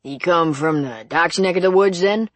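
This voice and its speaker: A woman's voice: fairly low pitch, moderate pace, dry recording, close to an everyday voice. A woman voicing a chatty, blunt small-town shopkeeper in his seventies in an audiobook.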